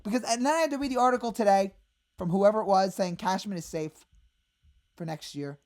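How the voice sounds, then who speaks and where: Exasperated woman ranting with shouted outbursts. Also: a little high, expressive, fast talker. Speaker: fan channel host. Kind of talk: angry fan rant.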